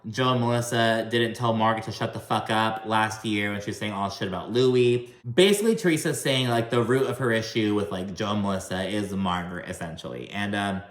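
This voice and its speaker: A man's voice: fairly low pitch, brisk, few pauses, reverberant. A man giving a casual, chatty video recap of a reality show, gossipy and full of swearing.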